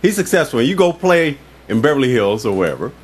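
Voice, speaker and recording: A man's voice: mid-range voice, big pitch swings, fast, husky. A male co-host in casual chat who keeps breaking in eagerly and laughs often.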